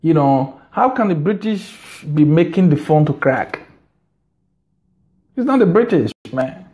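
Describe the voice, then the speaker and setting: Rambling Nigerian man, slow and high. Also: expressive, warm tone. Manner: rambling, repeats words, emphatic. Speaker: vlogger. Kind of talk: casual monologue to camera. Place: his house.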